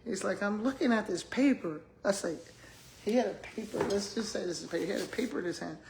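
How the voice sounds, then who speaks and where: A woman's voice: medium pitch, quick pace, gravelly. An older woman, chatting casually to her viewers, telling stories with lots of laughter. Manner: animated storytelling, laughs often, addresses viewers as y'all. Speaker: retired school principal vlogger.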